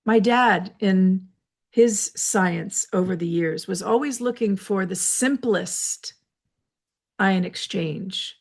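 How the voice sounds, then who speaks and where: A woman hosting a reflective solo talk from her office, explaining ideas in a measured, lecturing way with personal asides. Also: medium pitch, vocal fry, breathy edge. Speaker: host.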